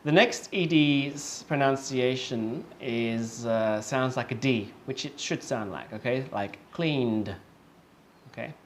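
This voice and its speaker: A man teaches an English lesson at an unhurried pace, saying each example word several times and stretching it out for the listener. He checks in often with "okay?" and fillers, patient and steady. A faint hiss of room noise sits under his voice. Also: mid-range voice. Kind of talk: online lesson.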